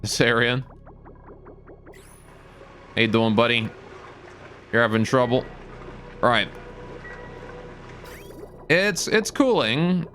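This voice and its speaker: A man's voice: on the low side, fairly bright tone. A man live-streaming a game, thinking aloud about his build and answering his chat.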